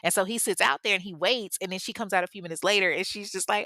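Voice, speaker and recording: A woman's voice: mid-range voice, quick pace, pushed and bright, no echo. A woman with children telling a true crime story in a casual, blunt and profane way, full of sarcasm. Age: adult parent.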